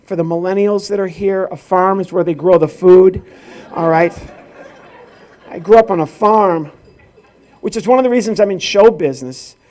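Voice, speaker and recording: High-voiced man doing stand-up comedy. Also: moderate pace, a little mellow. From rural Illinois, US Midwest. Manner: storytelling with acted-out dialogue. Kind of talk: stand-up comedy at a corporate event.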